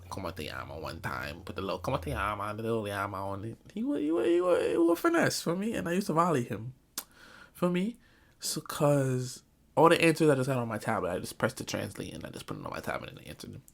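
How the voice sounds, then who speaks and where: A young man from New York tells funny stories about his school days in a loose, slangy flow, and keeps laughing at his own jokes. His voice has a gravelly rasp at a middle pitch. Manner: animated, slangy, laughs often. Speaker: vlogger. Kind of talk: comedic storytelling.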